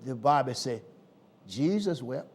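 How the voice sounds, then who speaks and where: A man preaching a sermon in a folksy, dramatic way, moving from shouts to hushed tones. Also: medium pitch, lively intonation, a little slow. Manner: folksy, colloquial.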